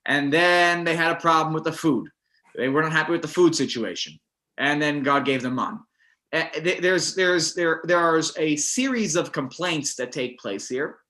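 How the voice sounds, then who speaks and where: A man teaching a text study class, animated, with many restarts, acting out the verses. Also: a little high, moderate pace.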